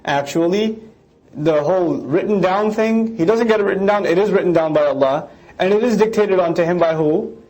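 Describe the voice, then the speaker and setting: A man lecturing on scripture. He explains it line by line and mimics critics in quick asides. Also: high voice, a little mellow.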